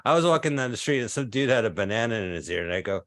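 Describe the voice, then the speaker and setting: A man in his fifties performing a stand-up set over a video call, delivering absurd one-liners in a deadpan way. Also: medium pitch, racing, no room sound, clean studio sound. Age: 50s. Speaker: stand-up comedian.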